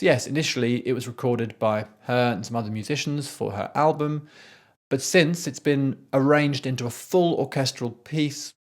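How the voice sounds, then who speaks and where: A man, a composer, talking through a piece of music in casual commentary, thoughtful, with frequent restarts and sung rhythms. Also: mid-range voice. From Scotland.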